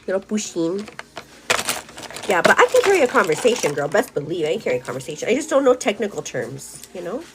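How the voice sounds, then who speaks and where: A beauty vlogger from a Mexican-American family chats casually while getting ready at home, bubbly, laughing often, and slipping in Spanish words. Her medium-pitched voice swings hugely in pitch, and she talks very fast with hardly any pauses over a noisy background.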